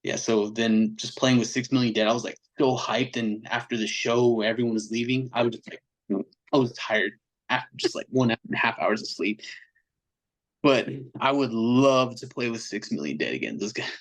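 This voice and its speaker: On a rough recording, a male metal singer guests on a podcast, speaking at a moderate pace with a medium-pitched voice. His casual story is full of slang, and he animatedly mimics what others said in different voices.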